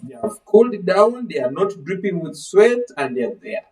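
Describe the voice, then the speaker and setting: A man's voice: sits high, normal speed, recorded from a distance, poor audio. A man teaching a literature lesson, calling on students by name and asking fill-in-the-blank questions. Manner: animated, acts out voices of characters. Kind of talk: live online literature lesson.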